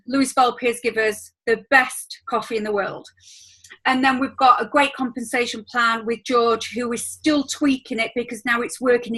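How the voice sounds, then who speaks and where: A woman hosts a team training over a video call. Her voice sits high and bright, and she talks in a gushing, rambling way full of fillers. It sounds like a home computer mic on a video call. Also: low-quality recording. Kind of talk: casual chat on a video call.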